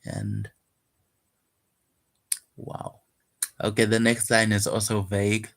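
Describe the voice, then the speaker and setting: Speaking slowly in a lowish voice with vocal fry and little pitch movement, this male poet vlogger muses about a poem he wrote. It's a casual, reflective monologue, hesitant and full of fillers and restarts, delivered in a soft-spoken, wistful, guarded way.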